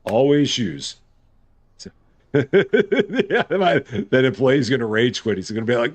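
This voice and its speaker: A man's voice: medium pitch, expressive, takes it slowly. A man giving casual live gameplay commentary as a streamer, chatty and good-humored, thinking aloud. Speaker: game streamer.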